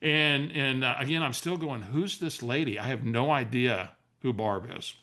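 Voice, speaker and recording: A man leading a coaching webinar, telling a story in an animated, restarting way. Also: mid-range voice, moderate pace. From San Antonio area, US. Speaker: real estate coach. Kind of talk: webinar training talk.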